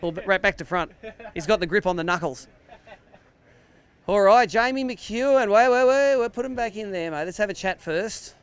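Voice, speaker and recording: A man's voice: sits high, lively intonation, moderate pace, clear, resonant tone, no room sound. An Australian man emceeing a live fishing weigh-in outdoors by a lake, with jokey, upbeat banter. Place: outdoor lakeside weigh-in stage.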